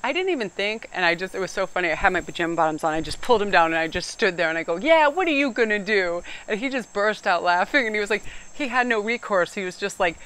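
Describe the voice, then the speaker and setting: A middle-aged woman, giving a casual, animated tarot reading outdoors and sometimes getting loud and emphatic. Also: mid-range voice, fast talker, few pauses, smooth. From New England. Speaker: tarot reader.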